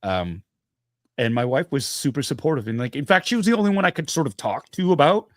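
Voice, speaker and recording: A man's voice: mid-range voice, fairly quick, no echo, clean studio sound. A middle-aged man, a guest actor, telling stories in a casual stream chat and acting out the quotes. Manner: animated storyteller, acts out quotes.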